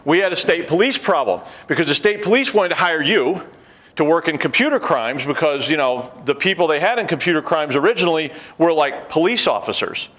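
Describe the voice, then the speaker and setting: A middle-aged man giving a conference talk, an animated storyteller who acts out the people he quotes and drops wry joking asides. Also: fairly high pitch, a little fast. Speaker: conference speaker.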